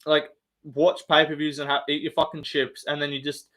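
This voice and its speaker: A man's voice: fairly high pitch, monotone, normal speed, sharp tone. A man hosting a casual live stream, bantering with the chat, swearing often and laughing.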